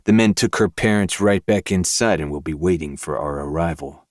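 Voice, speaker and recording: Brief: very deep male narrator, dry close recording, steady audiobook read. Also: normal speed, no room sound. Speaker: podcast host reading a novel aloud. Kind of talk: first-person audiobook narration.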